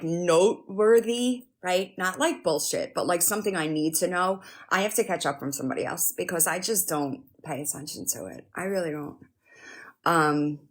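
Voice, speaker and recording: A woman chatting casually to viewers on a live stream from her phone, animated and swearing, often laughing. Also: on the low side.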